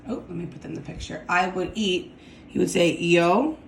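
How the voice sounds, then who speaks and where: A woman's voice: on the low side, creaky, roomy sound, a little hiss or hum. A woman teaching a Spanish grammar lesson, explaining step by step and often checking in with "okay?" while she writes. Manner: slow, deliberate, repeats "okay?" to check understanding.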